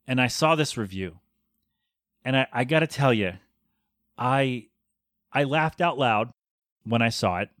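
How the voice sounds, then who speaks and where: A man in his thirties talks alone into a podcast microphone, rambling and sarcastic, putting on a mock-professional air. His voice sits at an ordinary middle pitch. The sound is dry and close, with no room around it. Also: animated, a little slow, long pauses, a bit bright, no echo. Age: 30s. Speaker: podcast host. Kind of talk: casual solo podcast rant.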